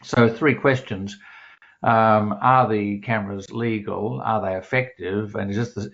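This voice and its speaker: A man giving an academic talk as a guest speaker, measured and full of fillers and restarts. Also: lowish voice. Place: home office in Melbourne. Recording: dull lo-fi video call audio.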